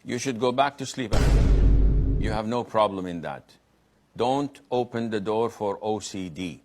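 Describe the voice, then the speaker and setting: Male preacher, unhurried delivery, dry blunt wit in Q&A. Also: on the low side, over music. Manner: blunt, dryly humorous. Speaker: Islamic preacher. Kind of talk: answering audience questions.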